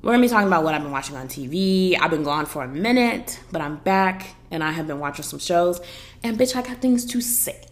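With a lowish voice, lively intonation, and a brisk pace, a woman hosting a podcast tells stories energetically and shares opinions in a sassy, blunt, profane manner.

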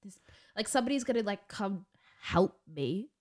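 A woman's voice: medium pitch, lively intonation, normal speed, darkish tone. A young woman co-hosting a podcast, retelling an event with dramatic flair and frequent laughter in casual chat. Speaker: podcast co-host.

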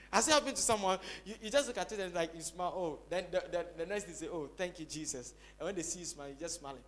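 A man preaching a sermon as pastor, swinging between loud exclamations and soft quick asides. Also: very high voice.

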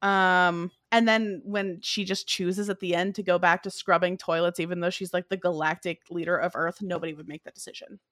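A woman chatting casually about a movie, animated and opinionated, laughing often. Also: lowish voice, a little fast, few pauses, no echo, clean studio sound. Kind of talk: casual movie review chat.

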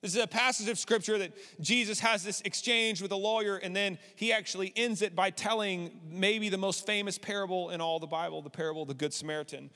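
A man's voice: sits high, sharp tone. A man in his thirties preaching a sermon as pastor, candid and conversational, building to emphatic passages. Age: 30s. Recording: long hall reverb.

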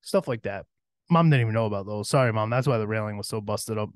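A man's voice: on the low side, quick pace, no room sound, clean studio sound. A young man hosting a podcast, telling a rambling, profanity-laced story from his teen years and laughing along. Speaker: podcast host. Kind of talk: casual storytelling.

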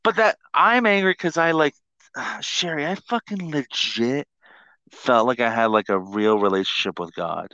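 A man's voice: mid-range voice, measured pace, pushed and bright, smooth, no room sound, lo-fi sound. A man in his forties hosting a podcast, talking in a casual, profane, ranting way. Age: 40s. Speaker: podcast host.

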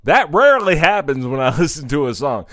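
A man's voice: fairly high pitch, sing-song, fairly quick. Crude, sarcastic radio host man. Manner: sarcastic and crude, swinging between loud outbursts and mutters. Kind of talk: comedic music review rant.

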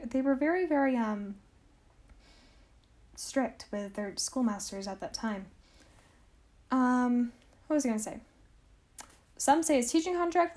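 A young woman hosts a podcast from her home and tells a history story in a casual, chatty way. She restarts sentences often and fills her speech with "like." Her voice sits fairly high. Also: a little mellow. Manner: chatty, full of "like" and self-corrections. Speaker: podcast host.

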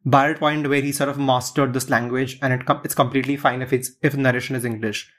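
A man co-hosting a podcast, reasoning in a halting, thoughtful way with sarcastic jokes. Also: mid-range voice, flat delivery, fairly bright tone. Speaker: podcast co-host, film critic. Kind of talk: casual film review chat.

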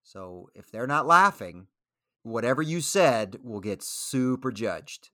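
A man speaking as a guest in an interview, thoughtful and measured, pausing to restart his sentences as he works through ideas. The sound is dry and close. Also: mid-range voice, animated, pushed and bright, no room sound. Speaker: guest comedian and military veteran. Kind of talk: casual interview.

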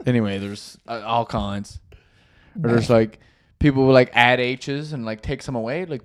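A man's voice: mid-range voice, fairly even intonation, moderate pace, clear, resonant tone. Joking, profane man on a podcast. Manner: profane, joking, trails off into mumbles. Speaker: podcast co-host. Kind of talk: casual comedy podcast chat.

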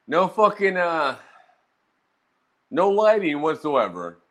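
Brash man, crude streamer storyteller, pitch swinging high and low. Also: takes it slowly. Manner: profane, animated, brash roasting talk. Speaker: streamer recounting roast battles. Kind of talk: casual storytelling monologue.

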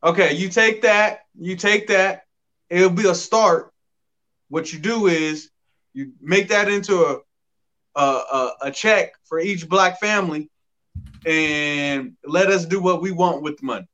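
A man's voice: high voice, unhurried, a bit bright, muffled recording. A man in a casual group discussion, speaking emphatically and repeating phrases to drive a point home. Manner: emphatic, repeats himself when making a point.

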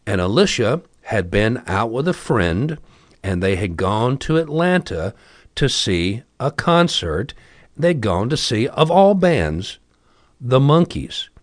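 Male storyteller, wry conversational asides, very lively delivery, mid pitch. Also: slow, no room sound. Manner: wry, chatty, asides to the listener. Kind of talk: casual spoken storytelling.

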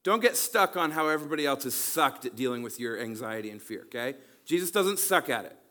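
A man's voice: medium pitch, expressive, fairly quick, pushed and bright. Casual, conversational male preacher. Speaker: pastor and counselor. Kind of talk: casual sermon teaching. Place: church campus.

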